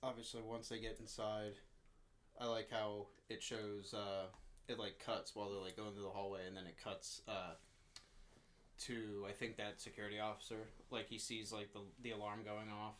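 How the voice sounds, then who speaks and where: A man's voice: on the low side, little pitch movement, normal speed, fairly bright tone, slight background noise. Rambling man recapping a movie. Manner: rambling, filler-heavy, swears freely. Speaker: podcast host. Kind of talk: casual movie recap chat.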